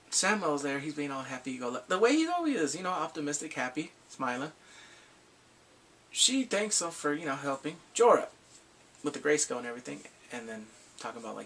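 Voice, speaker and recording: Animated gravelly-voiced young man reviewing. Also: a little high. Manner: animated, acts out scenes with shouted exclamations. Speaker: TV show reviewer. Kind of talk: casual recap.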